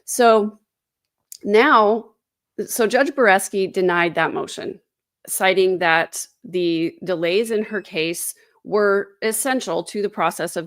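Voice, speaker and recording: A woman's voice: fairly low pitch, no echo, studio quality. A woman hosting a casual true crime livestream from home, chatty and sarcastic. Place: home, indoors. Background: dogs.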